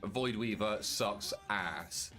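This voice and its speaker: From a walk-in wardrobe at home, a young British man streams and responds to his chat, his lowish voice drawing out words in a bright, forceful tone. He speaks loosely, swears freely, and soft music runs in the background.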